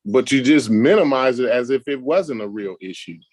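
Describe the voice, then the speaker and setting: A man, defensive and repetitive as he argues his side on a podcast. His voice is mid-pitched and dry, recorded close with no room echo. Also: lively intonation, normal speed. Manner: defensive, repeats "I'm just saying". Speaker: podcast co-host. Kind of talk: heated group discussion.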